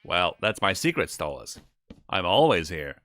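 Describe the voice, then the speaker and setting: A man putting on a cocky imp demon with a low, bright-edged voice. He teases with smug, sly confidence. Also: sing-song, moderate pace. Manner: smug, teasing.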